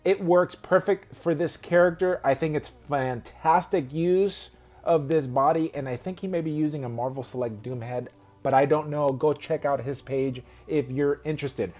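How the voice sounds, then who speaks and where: A man's voice: fairly high pitch, moderate pace, darkish tone. A man hosting a casual video about custom action figures, rambling and correcting himself as he goes. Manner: rambling, self-correcting, chatty.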